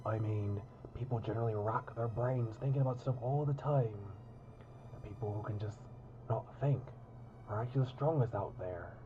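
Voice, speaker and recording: A man voicing an energetic, childish young man who plays a pirate captain, using a put-on pirate accent with bold, playful delivery. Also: lowish voice, normal speed, phone-quality sound, slight background noise, natural voice. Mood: coaxing. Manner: bold, boisterous storytelling.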